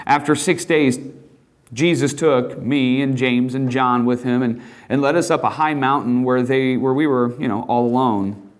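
A man preaching a sermon, retelling the gospel with animated asides and playful voices for the apostle. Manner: animated, voices Peter in a high excited tone with laughs.

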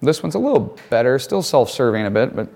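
Male campus speaker, conversational and wry, acts out quotes, middle pitch. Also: sing-song, fast talker, gravelly, darkish tone. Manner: casual, joking asides, acts out quotes. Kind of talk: conversational chapel talk.

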